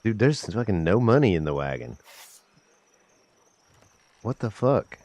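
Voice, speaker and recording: A man's voice: lowish voice, sing-song, unhurried, a little mellow, dry recording. A young man streaming a game, muttering profane commentary to himself with bursts of exasperation and an occasional cough. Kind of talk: live gameplay commentary.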